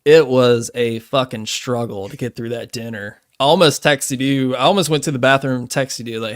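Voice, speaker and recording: With a medium-pitched voice, normal speed, and few pauses, a man co-hosts a podcast in a dry, clean studio recording. He's easygoing and chatty, swearing freely and laughing often.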